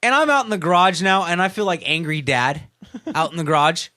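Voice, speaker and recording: Slightly high and slightly quick, this podcast co-host's voice carries a laid-back story full of swearing. He animatedly performs the quotes of the people involved.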